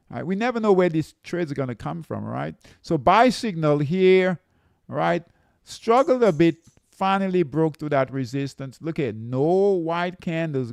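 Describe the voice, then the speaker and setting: A man's voice: on the high side, vocal fry, darkish tone, clean tone, no echo, clean studio sound. A man running a live trading lesson, walking through charts and checking in with "okay?" and "right?" as he talks. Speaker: trading coach.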